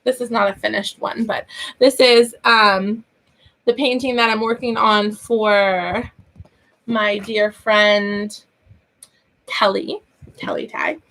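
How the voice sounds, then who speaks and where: A woman's voice: mid-range voice, fairly even intonation, slow pace, long pauses, a bit bright. A woman in her thirties with a sore throat, hosting a casual live-stream chat, rambling and laughing often. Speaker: online teacher and channel host.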